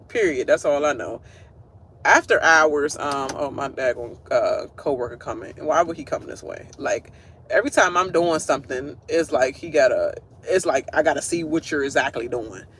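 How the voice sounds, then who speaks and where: High-voiced man ranting a TV recap. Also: fairly bright tone, slight background noise. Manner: blunt and profane, laughs often. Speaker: show recap host. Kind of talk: casual TV recap rant. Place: at work.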